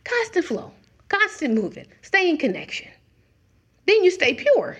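A woman's voice: very high-pitched, wildly swooping pitch, unhurried, a bit bright. A middle-aged woman preaching a conversational sermon, acting out little dialogues as she talks.

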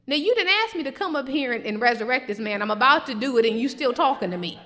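A woman preacher voicing an exasperated adult male Jesus who scolds the doubters in a sassy, loud, rapid-fire way. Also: high voice, lively intonation, pitched above the performer's own voice. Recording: long hall reverb.

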